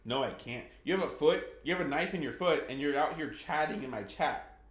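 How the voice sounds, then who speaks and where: A man's voice: fairly high pitch, expressive, brisk. Chatty male game streamer, echoey room. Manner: chatty, reacts to chat with laughs. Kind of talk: casual game stream chat.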